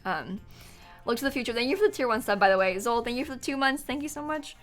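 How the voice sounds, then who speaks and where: Bright-voiced young woman streamer. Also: on the high side, expressive, quick pace. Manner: chatty and giggly, reading out chat thanks. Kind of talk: casual live-stream chat while gaming. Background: faint music.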